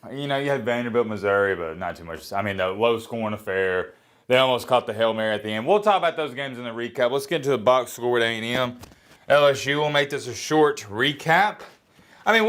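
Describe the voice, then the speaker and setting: A man's voice: mid-range voice, fairly bright tone. A man rants through a casual college football reaction in an ordinary, mid-range voice. He talks bluntly and with strong opinions, pokes fun at himself, and often loses the thread before starting over. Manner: blunt, opinionated, self-mocking; rambling with restarts. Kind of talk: casual sports reaction rant.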